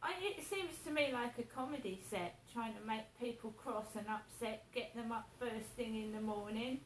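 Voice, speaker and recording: A woman's voice: a little high, moderate pace, far from the mic. A woman talking casually to her viewers in a rambling, indignant way, repeating herself. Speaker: vlogger. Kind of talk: casual monologue to camera. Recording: echoey room with faint hiss.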